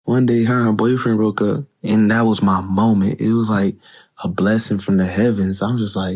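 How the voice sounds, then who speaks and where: A teenage boy with a low voice tells a personal story. He talks in a casual, slangy, laid-back way. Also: moderate pace, darkish tone. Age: teens.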